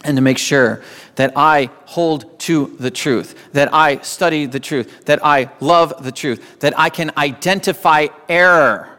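A man's voice: a little high, a little slow, bright, forceful tone. A man preaching a sermon as a pastor, emphatic and repeating phrases for weight. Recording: long hall reverb.

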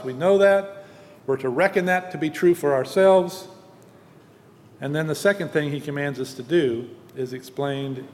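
A man preaching a sermon and reading scripture, earnest and teaching, slowing down for emphasis. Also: a little high, a little mellow. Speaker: pastor. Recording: long hall reverb.

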